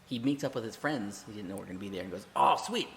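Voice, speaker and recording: A man's voice: fairly low pitch, very fast, darkish tone, long reverb tail, slight background noise. A man hosting a podcast in casual chat, laughing along and giving short supportive replies. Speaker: podcast host.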